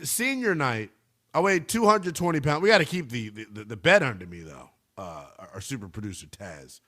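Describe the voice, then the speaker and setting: A man hosting a sports talk radio show, joking and boasting in a lively monologue. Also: mid-range voice, moderate pace.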